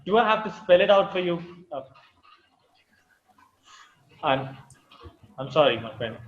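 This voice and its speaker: A man's voice: a little high, lively intonation, unhurried, echoey room, dull audio, a little hiss or hum. A man as a weary desperate prophet. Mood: angry. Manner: urgent, strained, swearing. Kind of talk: audio drama acting.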